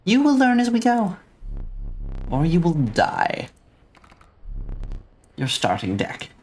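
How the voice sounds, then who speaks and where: A streamer putting on a slow, unsettling voice for a sinister male game master while reading game dialogue aloud. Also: mid-range voice, wildly swooping pitch, a little mellow, pitched above the performer's own voice, exaggerated voice. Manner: slow, theatrical, unsettling delivery.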